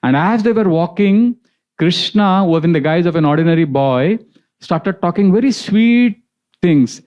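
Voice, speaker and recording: A man giving a devotional lecture as a spiritual teacher, storytelling in an animated way and acting out the quotes. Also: sits high, moderate pace, dull audio.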